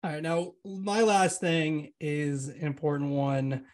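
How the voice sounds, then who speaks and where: Man, high voice, podcast host, upbeat, joking, asks questions. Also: level tone, takes it slowly. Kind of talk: casual podcast interview.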